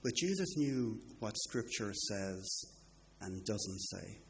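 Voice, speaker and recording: A man preaching an earnest sermon, quoting scripture and recommending books, with brisk asides. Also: on the low side, expressive, creaky, a little hiss or hum.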